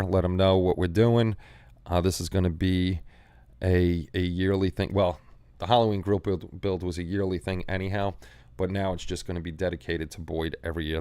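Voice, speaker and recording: Deep-voiced man hosting a hobby livestream. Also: a little mellow, clean tone, no echo. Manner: rambling, repeats words, reads chat aloud. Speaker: livestream host. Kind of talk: casual livestream chat.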